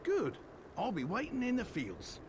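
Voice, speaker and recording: A chipper farmer with a shaky British accent. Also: male voice, sits high, huge pitch swings, unhurried, background noise, full character voice. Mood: friendly. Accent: put-on British by an American. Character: cheerful male villager farmer.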